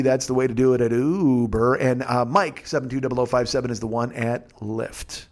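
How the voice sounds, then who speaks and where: A man's voice: mid-range voice, animated, normal speed, hardly any pauses. A man hosting a casual podcast, ranting and swearing with sarcasm and mocking little impressions of other people. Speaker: podcast host.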